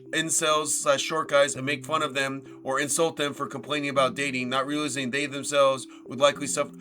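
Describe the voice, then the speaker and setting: A young man hosts a live stream, reading posts aloud and reacting with loose, profane banter. His voice is bright and forward, it rises and drops sharply between loud outbursts and quiet asides, and faint music plays underneath. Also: fairly high pitch. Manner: animated, swings loud and soft, swears casually, jokes with chat. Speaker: livestream host.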